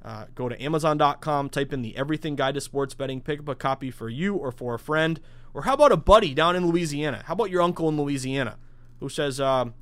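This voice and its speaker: A man in his thirties hosting a sports betting podcast alone, talking in a hyped, salesy rush with sudden loud bursts. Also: medium pitch, clean tone, dry recording. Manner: hyped, salesy, rapid-fire with bursts of shouting. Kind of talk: solo podcast monologue.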